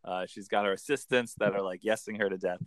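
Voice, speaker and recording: A man working as an accent coach, chatting in an animated, storytelling way. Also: fairly low pitch, clean tone, dry recording. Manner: animated, lively storytelling with quick bursts into put-on voices. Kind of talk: casual interview chat.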